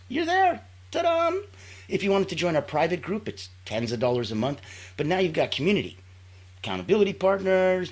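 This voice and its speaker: A man's voice: medium pitch, slightly rough. A man hosting a live online show in an upbeat, playful way, with sound-effect interjections. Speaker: show host.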